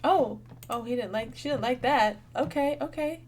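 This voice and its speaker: A woman's voice: on the high side, normal speed, a little mellow, a little hiss or hum. A young woman giving casual, bubbly gameplay commentary, thinking aloud and chatting to her viewers. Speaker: gaming channel host.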